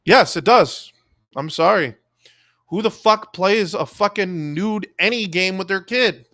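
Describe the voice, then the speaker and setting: Male live streamer, higher register, dry close sound; heated, foul-mouthed, lecturing tone. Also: a little slow, fairly bright tone, dry recording. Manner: heated, profane, scolding the audience. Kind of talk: angry live-stream commentary rant.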